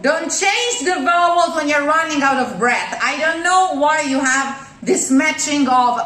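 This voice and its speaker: A high-voiced woman teaching singing, speaking slowly and deliberately. She is blunt and corrective with her student. The room sounds roomy, with a faint piano behind her. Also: lively intonation, pushed and bright, a little hiss or hum. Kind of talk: singing lesson coaching.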